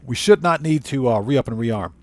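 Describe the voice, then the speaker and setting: A man hosting a live gameplay stream, trash-talking rival players and giving loud shout-outs to chat members. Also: medium pitch, expressive, normal speed, a little hiss or hum. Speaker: livestream host.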